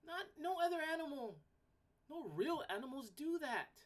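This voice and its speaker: A high-pitched woman with big pitch swings and a normal pace hosts a solo podcast. Her rant is blunt and laced with casual cursing. When she's fired up, she says words twice and abandons sentences to start fresh.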